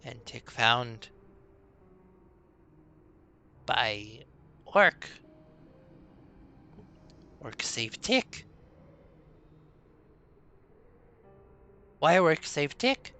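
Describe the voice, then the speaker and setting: A man voicing a small, scraggly, nervous goblin who speaks in halting, broken phrases in a hushed, shaky voice. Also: medium pitch, big pitch swings, vocal fry, clean tone, full character voice. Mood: uncertain. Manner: halting broken speech, stammering short phrases.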